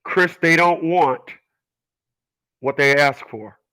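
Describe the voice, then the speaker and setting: A man imitating a motherly older woman with a scrunched, scratchy voice, giving gentle advice. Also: fairly high pitch, slow. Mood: earnest advice.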